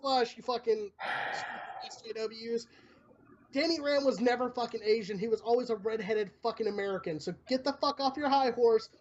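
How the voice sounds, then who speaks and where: A man's voice: very high voice, moderate pace. A man hosting a casual streamed talk show, ranting with lots of swearing. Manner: profane, ranting, animated. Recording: dull lo-fi stream audio.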